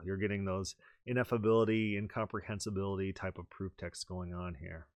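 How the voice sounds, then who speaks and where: A man with a fairly low voice hosts a teaching podcast, laying out ideas step by step in an explanatory manner. The sound is dry and close, with no room around him. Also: level tone, fairly quick, few pauses, no echo. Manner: explanatory, reads quoted texts aloud with rising emphasis. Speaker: podcast host. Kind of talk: teaching podcast talk with read-aloud quotations.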